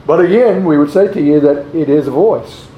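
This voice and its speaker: A man preaching a sermon, slowly posing rhetorical questions and reading scripture aloud in old-fashioned wording. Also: on the high side, slight background noise. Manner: slow, deliberate, repeats rhetorical questions. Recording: roomy, dull lo-fi recording.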